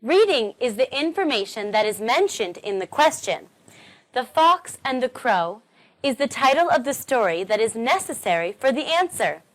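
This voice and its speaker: A woman's voice, on the high side and sing-song, guides an online English pronunciation lesson. She is encouraging and models sentence stress with deliberate care.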